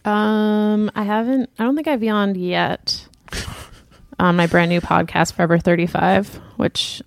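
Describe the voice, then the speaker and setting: A woman's voice: mid-range voice, fairly even intonation, slow pace, creaky, dry recording. A woman co-hosting a podcast in casual chat, giving brief replies and cheerfully plugging her show. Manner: brief replies, upbeat promoting. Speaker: podcast co-host.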